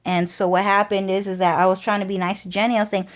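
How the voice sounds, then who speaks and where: Woman vlogger, casual storytelling, rambling, repetitive, lots of swearing, mid-pitched voice. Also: little pitch movement, quick pace. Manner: rambling, heavily profane, repetitive.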